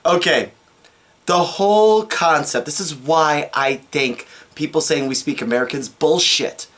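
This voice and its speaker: A woman's voice: deep voice, unhurried. A woman ranting through a casual video commentary, exasperated and repeating her points. She talks with plain everyday emphasis, sometimes stopping to critique her own work.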